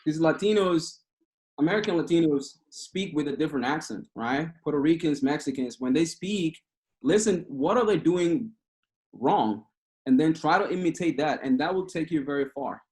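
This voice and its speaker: Fairly high in pitch yet darkish in tone, with lively intonation at a normal speed, a Cuban guest speaker in his thirties talks passionately over a video call. A native Spanish speaker with a Cuban Spanish accent, he keeps things casual, rambling and restarting.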